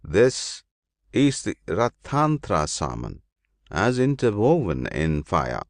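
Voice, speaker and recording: A man reading ancient scripture aloud as an audiobook narrator, deliberate and solemn with long pauses. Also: low voice, wildly swooping pitch, no room sound. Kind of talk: slow measured scripture reading.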